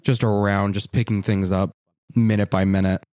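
A low-voiced man running a tabletop game as game master. He narrates in a joking, rambling way, restarting his sentences often. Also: little pitch movement, moderate pace, a little mellow.

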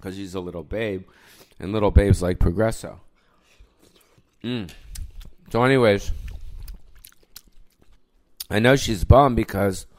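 A male podcast host rants solo, recorded alone without any producers. His fairly low voice rambles and swears, stuffed with fillers, and there's no echo.

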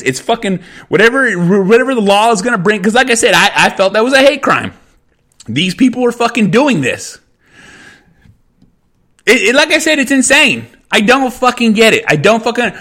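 A man rants on his own podcast, cursing in nearly every sentence and breaking off to restart his thoughts. His voice sits high and bright. It swings widely in pitch as he vents. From United States. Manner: heated, repetitive, swearing, restarts mid-sentence. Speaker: podcast host. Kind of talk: angry profane rant.

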